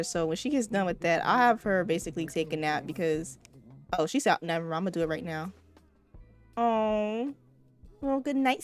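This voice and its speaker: A woman giving casual, chatty gameplay commentary, swearing freely and talking straight to her viewers. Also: medium pitch. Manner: chatty, profane, addresses viewers. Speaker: let's play host.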